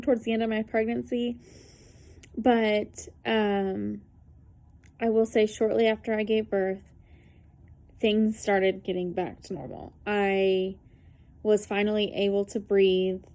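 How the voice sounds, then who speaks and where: Mellow-voiced woman telling her own story. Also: a little high, steady tone, a little slow. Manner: conversational, many fillers, earnest. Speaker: vlogger sharing a personal story. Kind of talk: casual spoken testimony to camera.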